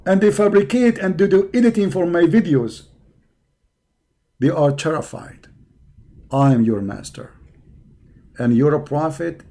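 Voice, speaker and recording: Hoarse, taunting male streamer. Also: on the high side, animated, moderate pace, long pauses, warm tone. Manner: taunting, mocking, confrontational. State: hoarse from hours of talking. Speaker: live-stream host. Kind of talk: combative live-stream rant.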